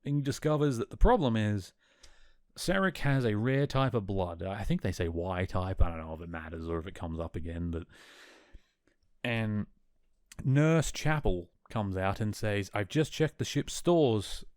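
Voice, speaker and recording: A man's voice: lowish voice, expressive, normal speed, darkish tone, no echo, clean studio sound. A man hosting a podcast, casually recapping a TV episode and retelling scenes with quoted lines. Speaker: podcast host.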